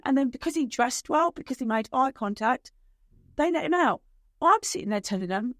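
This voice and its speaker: A middle-aged woman, a guest on a podcast, telling her story emotionally, with halting restarts. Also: high voice, very animated, dry recording, clean studio sound. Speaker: guest, bereaved mother. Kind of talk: podcast conversation.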